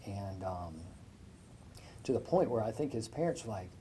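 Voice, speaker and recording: A man's voice: on the low side, animated, normal speed, dark tone, a little hiss or hum. A man giving an inspirational speech with a faith message at a breakfast event, telling a story in a conversational way. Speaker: guest speaker at a business breakfast.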